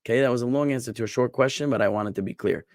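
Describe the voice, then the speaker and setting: A man's voice: mid-range voice, very fast, no room sound, studio quality. A man teaching a Hebrew class as a rabbi, patiently drawing out words to show which syllables get the stress and checking that students follow. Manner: thinks aloud with restarts and rhetorical checks. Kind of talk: online class lecture.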